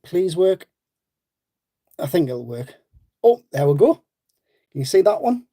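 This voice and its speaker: Male host, rambling live-stream chatter, slightly higher voice. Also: big pitch swings, a little slow, dark tone. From North East England. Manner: rambling, chatty, greets viewers by name. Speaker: fishing channel host. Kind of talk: live-stream chat with viewers.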